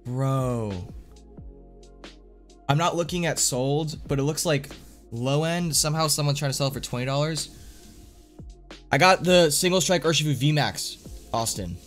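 A man streaming live, chatting casually and excitably to his viewers, full of slang. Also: on the high side, unhurried, pauses often, faint music behind. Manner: excitable, slangy, says dude a lot. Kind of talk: casual live-stream chat while opening card packs.

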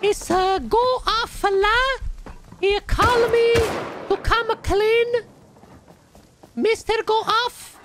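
A man's voice: very high-pitched, steady tone, drawn-out words, pauses often, a bit bright, slight background noise, voice pushed up, heavily acted. A young man putting on an Italian accent to play a pushy little Italian grandmother in her seventies who comes to clean, speaking broken English in game voice chat. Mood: indignant.

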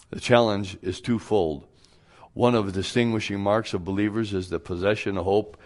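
A man preaching a radio sermon as pastor, down-to-earth and folksy, sometimes acting out both sides of imagined everyday conversations. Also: on the low side.

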